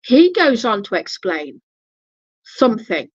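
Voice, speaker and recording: A woman speaks slowly and bluntly in a casual storytelling vlog, swearing and restarting her sentences. The recording is dry and dull, with a muffled lo-fi tone. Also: a little high, sing-song, breathy edge, dry recording. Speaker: vlogger.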